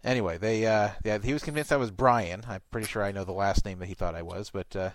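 A man hosting a casual talk show, chatting in a relaxed, rambling, wry way. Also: on the low side, fast, no room sound. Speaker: show host.

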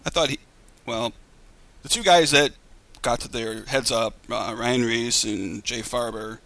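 A man's voice: medium pitch, a little slow, sharp tone, no echo. A man hosting a show, chatting casually and rambling easily about what he watched. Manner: rambling, easygoing. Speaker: show host. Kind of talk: casual chat.

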